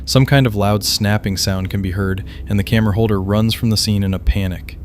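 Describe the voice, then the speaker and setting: A man giving scripted narration of camping encounters in an even, measured storytelling manner. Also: on the low side, slight background noise.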